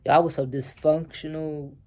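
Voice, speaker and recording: A man's voice: fairly high pitch, little pitch movement, normal speed, mellow. A man telling a personal story in a casual vlog, heated and profane, talking straight to the viewers.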